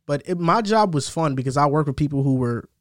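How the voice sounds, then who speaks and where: A young man co-hosting a podcast, telling casual stories about past jobs with a relaxed, chatty manner. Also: a little high, brisk, dry recording, clean studio sound. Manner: relaxed storytelling with frequent "bro" and "like". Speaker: podcast co-host. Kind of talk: casual chat.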